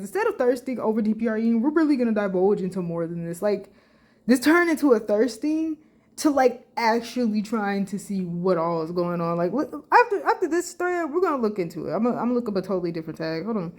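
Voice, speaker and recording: A woman's voice: a little high, sing-song, quick pace, a little mellow. Woman reacting to posts online, blunt and slangy, swears freely, casual vlog talk. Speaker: vlogger reacting to social media posts. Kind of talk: casual reaction vlog, reading comments aloud.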